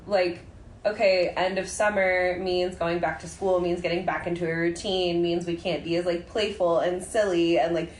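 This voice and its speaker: A woman's voice: on the low side, little pitch movement, moderate pace, roomy sound, slight background noise. A woman co-hosting a podcast in casual chat, self-deprecating and joking, with some swearing. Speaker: podcast co-host.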